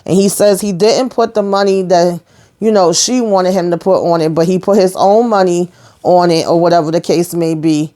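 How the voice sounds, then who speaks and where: A woman's voice: on the low side, steady tone, normal speed, mellow. A woman casually recapping a TV episode, retelling scenes with quoted dialogue. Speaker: TV recap host.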